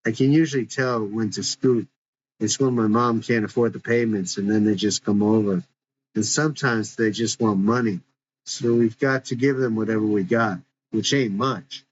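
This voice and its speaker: A man's voice: fairly low pitch, steady tone, normal speed, slight background noise, close to an everyday voice. A man voicing a tough, distrustful teenage girl who talks bluntly and with slang, in a dull lo-fi recording.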